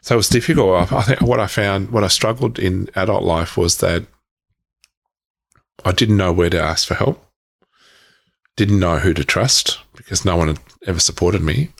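Low gravelly man telling his story. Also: moderate pace. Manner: frank, repetitive restarts, occasional swearing. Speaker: guest. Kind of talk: candid personal storytelling.

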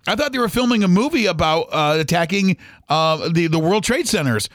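A middle-aged man, a podcast host and former radio DJ, telling a story in a halting, rambling way with many restarts. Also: fairly high pitch, sing-song, a bit bright, dry recording. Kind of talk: casual storytelling monologue.

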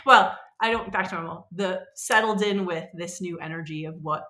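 A woman in her forties talks in a casual, rambling way and gets animated as she acts out quoted voices. Her voice is bright and forceful and sits a little low for a woman. It sounds echoey, as if recorded in a bare room. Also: moderate pace. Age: 40s. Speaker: podcast guest. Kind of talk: casual conversational storytelling.

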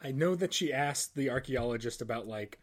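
A man's voice: medium pitch, expressive, a little fast. Man podcast co-host, casual plot recap. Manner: casual, says like often. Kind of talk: casual film discussion.

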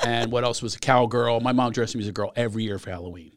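A man's voice: medium pitch, fast talker. A man in casual comedic chat, telling self-mocking stories in a wry way.

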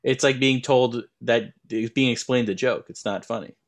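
A man's voice: mid-range voice, fairly even intonation, normal speed. A young man co-hosting a podcast in casual chat, rambling with many restarts. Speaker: podcast co-host.

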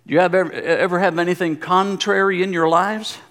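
A man, a former pastor, giving a sermon with animated delivery and repeated phrases. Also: high-pitched, a little fast. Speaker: guest pastor, former pastor of the church.

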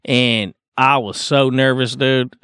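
A man's voice: medium pitch, slow, smooth, no room sound, studio quality. A man hosting a casual chat, talking in a laid-back way and calling others "dude" and "man.". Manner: relaxed, uses "dude" and "man" often.

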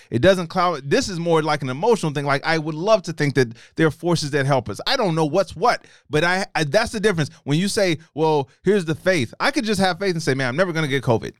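A man co-hosting a casual podcast, talking in a profane, emphatic way and often restarting his sentences. His voice sits a little high for a man. The sound is very dry and close. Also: a bit bright, no room sound. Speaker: podcast co-host. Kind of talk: casual chat.

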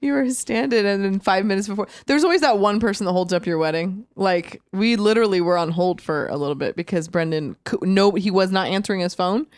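A woman co-hosting a podcast, chatting casually and bluntly with a quick laugh. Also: medium pitch, darkish tone, dry recording, studio quality. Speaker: podcast co-host. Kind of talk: casual chat.

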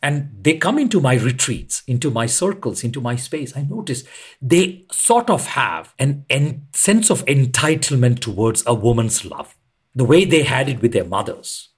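A man with a husky, slightly breathy voice talks as a podcast guest. His pitch rises and falls in an animated way as he explains, earnest and emphatic, with pauses for weight. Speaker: podcast guest, retreat leader. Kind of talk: reflective conversational explanation.

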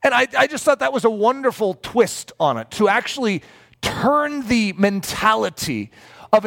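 A middle-aged man preaching in a storytelling way, animated and breaking into acted-out quotes. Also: high-pitched. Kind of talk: storytelling sermon.

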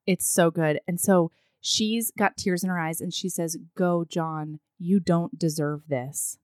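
A woman recapping a film in casual chat, acting out the characters' lines in an animated way. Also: lowish voice, unhurried, dry recording, clean studio sound. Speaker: podcast co-host recapping a film. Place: her living room.

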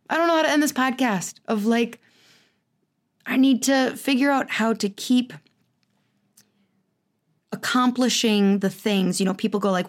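A woman in her thirties hosting her own podcast, talking alone in a candid, self-mocking way, often jumping up in pitch. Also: measured pace, pauses often. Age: 30s. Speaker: podcast host. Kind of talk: casual solo podcast monologue.

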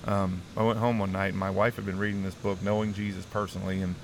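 A man's voice: deep voice, level tone, fast talker, slight background noise. A middle-aged man, an interview guest, telling his personal testimony earnestly and emotionally, restarting often and saying "man" a lot.

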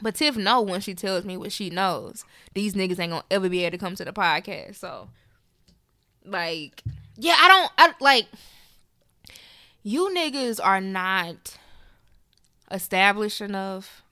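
Brash, bright-voiced woman podcaster. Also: medium pitch, measured pace, pauses often. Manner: loud, animated, profane storytelling. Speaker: podcast co-host. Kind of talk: casual podcast chat.

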